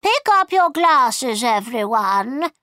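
A woman voicing an excitable, dotty queen who exclaims in drawn-out cries in a storybook reading. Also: fairly high pitch, no room sound, studio quality, heavily acted.

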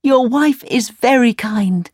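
Earnest, pleading little girl from a storybook, raised higher, read by a woman, dry sound. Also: slow pace, darkish tone, no room sound. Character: lost, determined little girl. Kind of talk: storybook reading.

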